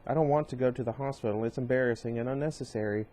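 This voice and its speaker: A man's voice: medium pitch, very fast, warm tone, poor audio. A man reading a novel aloud in a casual way, stopping now and then to comment and correct himself. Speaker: reader of a novel. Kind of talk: casual read-aloud with asides.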